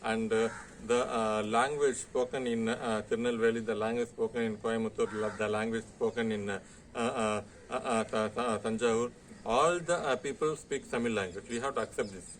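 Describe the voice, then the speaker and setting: Man, Indian English accent, college lecturer, halting delivery, lots of "uh" and "okay", mid-pitched, faint background hiss. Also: steady tone. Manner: hesitant, heavy "uh" fillers and frequent "okay". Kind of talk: classroom lecture.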